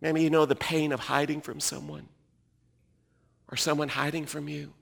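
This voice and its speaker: Male pastor, middle-aged, bright tone, dynamic sermon delivery with loud and hushed passages. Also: fairly high pitch, flat delivery, moderate pace, vocal fry. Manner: swings from loud emphatic preaching to hushed, near-whispered reflection.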